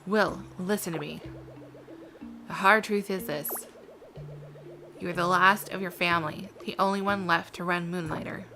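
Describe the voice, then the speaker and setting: A woman voicing a stern old male shopkeeper mentor with a gruff, scolding manner, game music behind. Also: fairly low pitch, fairly even intonation, moderate pace, long pauses.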